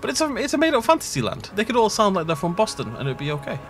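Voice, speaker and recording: Man, let's play host, rambling gaming chat, very lively pitch, frequent laughs. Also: very fast, faint music behind. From half Irish. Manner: rambling, chatty, laughs often. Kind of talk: casual gaming commentary.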